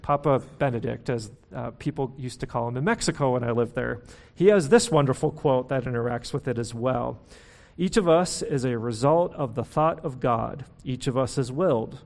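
A man's voice: medium pitch, gravelly, a little mellow. Guy pastor preaching, chatty and easygoing, lots of ums and restarts, kinda jokey about himself, normal mid voice. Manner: conversational, self-deprecating, with fillers and restarts. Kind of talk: sermon.

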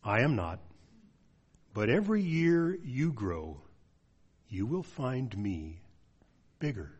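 A man voicing a great wise lion from a storybook, speaking gently and calmly while reading aloud in a sermon. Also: mid-range voice, takes it slowly, husky, lo-fi sound, heavily acted. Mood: gentle.

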